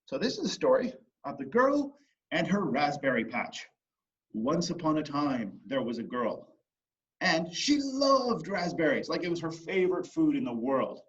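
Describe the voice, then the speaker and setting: A man's voice: a little high, big pitch swings, normal speed, echoey room. A man teaching an online kids' martial arts class and telling them a story, upbeat and encouraging. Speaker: martial arts kids instructor. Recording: distant lo-fi livestream audio.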